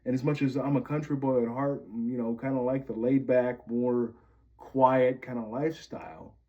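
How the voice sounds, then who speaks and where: A man's voice: medium pitch, fairly even intonation, moderate pace, highs cut off. A man from Pennsylvania venting bitterly to camera, swearing often as he rants. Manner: bitter, profane ranting. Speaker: vlogger.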